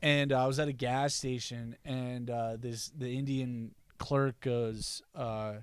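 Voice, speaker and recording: A young man swaps stories in relaxed podcast chat, laughing easily. His voice sits at an ordinary mid pitch. The recording is dry and close, with no room sound. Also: slow pace, clear, resonant tone, no echo. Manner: laid-back storyteller, laughs often, says "dude". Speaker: podcast co-host. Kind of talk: casual chat.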